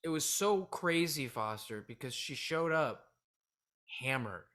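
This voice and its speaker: A man's voice: on the high side, expressive, a little slow, a bit bright. A man in his thirties, a comedian telling a personal story candidly in a casual interview. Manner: candid, drifting between laughing and subdued. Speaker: comedian guest.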